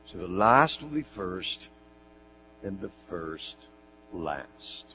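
A man preaching a sermon, reading scripture with animated, jokey asides and rhetorical questions. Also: sits low, extremely slow, long pauses. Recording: dull lo-fi sound with mains hum.

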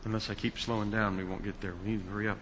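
A man preaching a sermon as pastor, slow and emphatic, building to loud stressed words. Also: on the low side, level tone, slight background noise. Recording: dull sound with long hall reverb.

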